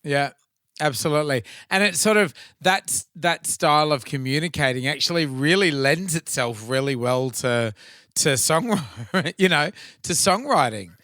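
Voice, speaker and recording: A man's voice: on the high side, lively intonation, a little slow, bright, forceful tone, no room sound, clean studio sound. An Australian man co-hosting a podcast, musing in a rambling, casual way full of fillers. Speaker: podcast co-host. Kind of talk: casual chat.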